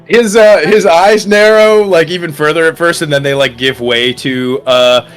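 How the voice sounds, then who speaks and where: A man's voice: a little high, normal speed, clear, resonant tone. A man narrating as game master of a tabletop horror campaign, talking loosely with lots of fillers, with faint music in the background.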